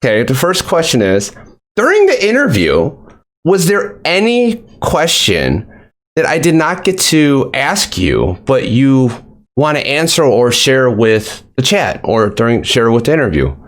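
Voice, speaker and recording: A man hosting a live-stream interview, talking in an animated, rambling way with casual swearing. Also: medium pitch, unhurried. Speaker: interview host.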